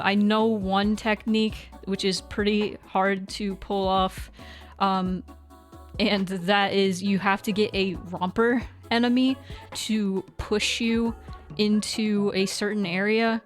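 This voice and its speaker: A young woman streamer chatting casually through a sponsor read, rambling with lots of fillers and restarts. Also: medium pitch.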